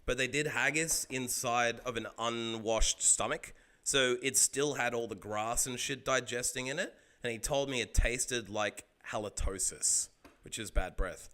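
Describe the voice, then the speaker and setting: An Australian man streaming a game, chatting casually with viewers in an excitable, rambling way and swearing freely. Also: mid-range voice, a little slow. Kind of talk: casual chat while gaming.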